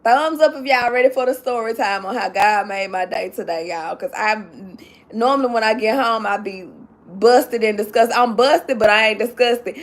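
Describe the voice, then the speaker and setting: A woman with a slightly high voice tells a story on a casual live stream, close to tears as she goes. She talks straight to her chat and circles back over the same points again and again. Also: a bit bright. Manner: emotional, talks to the chat directly, repeats herself. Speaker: livestream host telling a story.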